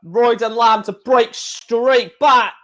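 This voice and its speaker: A man giving casual live reaction commentary on a darts match, chatty and excitable, with hiccups. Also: extremely high pitch, slow pace. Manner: excitable, chatty, sings along with crowd chants.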